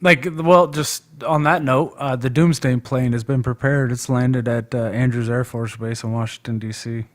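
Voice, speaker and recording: A man's voice: medium pitch, fairly even intonation, normal speed, few pauses. A man talking casually on a live stream, chatty and rambling in a loose, informal way as he discusses politics. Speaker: guest debater on a live stream.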